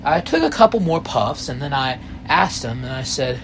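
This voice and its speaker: A man in his thirties telling a first-person story, rambling and halting, full of asides. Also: medium pitch, big pitch swings, a bit bright, a little hiss or hum.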